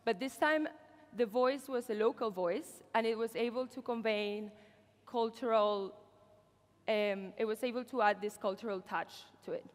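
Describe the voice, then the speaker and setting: A woman's voice: on the high side, normal speed, in a large hall. A woman presenting at a conference in an upbeat way, with the odd filler. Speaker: conference speaker. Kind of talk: keynote presentation. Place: conference hall.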